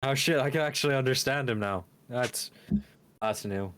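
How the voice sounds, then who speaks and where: Man at a tabletop game, mid-pitched voice, cracks jokes, swears. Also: normal speed, fairly bright tone, clean tone. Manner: joking, swears often. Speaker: player. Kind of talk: casual chat at a tabletop game.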